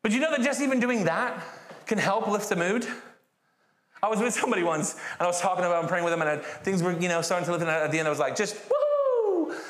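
A British man preaching a sermon in a church, with an animated, jokey and encouraging manner. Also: sits high, fast talker. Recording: echoey church hall.

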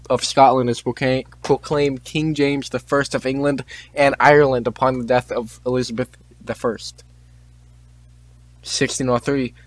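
A man's voice: mid-range voice, no echo. Teen guy reading off history facts, stumbles on names, cracks jokes, dead dry sound. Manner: stumbles over names, joking asides. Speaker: podcast host. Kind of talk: casual chat, reading on-this-day facts.

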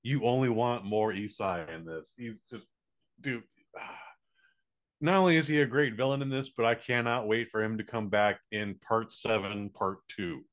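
A man's voice: lowish voice, normal speed, fairly bright tone. A man co-hosting a podcast, reviewing a movie in rambling, joking, profane casual chat.

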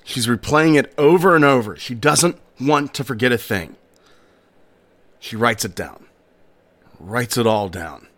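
Male podcast host, slow pace, casual storytelling, personal asides. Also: medium pitch, fairly bright tone.

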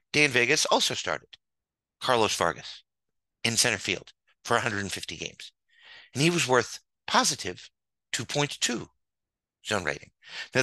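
A man's voice: mid-range voice, pushed and bright, no room sound, poor audio. A man streaming a comedic angry rant, exasperated and sarcastic, swearing and hammering words through repetition. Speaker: streamer ranting about a baseball sim game.

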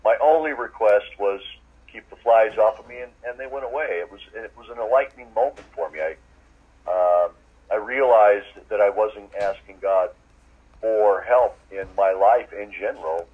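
A man giving a personal faith testimony as an interviewee, talking in a halting way with many fillers and restarts. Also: on the low side, husky, phone-quality sound.

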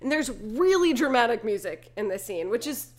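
A woman's voice: a little high, very animated, normal speed. A woman co-hosting a casual chat, retelling a film scene by scene and laughing often. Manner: laughs often, acts out quoted lines. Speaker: podcast co-host. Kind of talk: casual movie recap chat.

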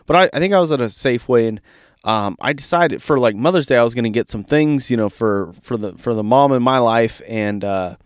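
A man's voice: medium pitch, a little fast, dry recording, clean studio sound. A man from Georgia, casually telling a story as a podcast co-host, swearing freely. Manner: animated, casual, swears freely, says dude.

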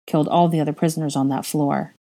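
A woman voicing a grief-stricken young husband who speaks in a flat, halting monotone. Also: sits low. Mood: numb.

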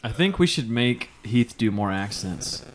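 A man's voice: mid-range voice, animated, measured pace, a crowd in the background. A man chatting casually, enthusiastic and swearing now and then. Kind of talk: casual banter.

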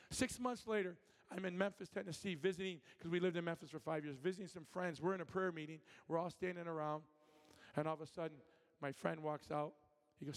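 A man's voice: fairly high pitch, steady tone, fast. A man from Michigan preaching as a guest speaker, telling personal stories with acted-out voices and many restarts, then ministering directly to people in the congregation. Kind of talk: sermon with storytelling and prophetic ministry. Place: church sanctuary. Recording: long hall reverb.

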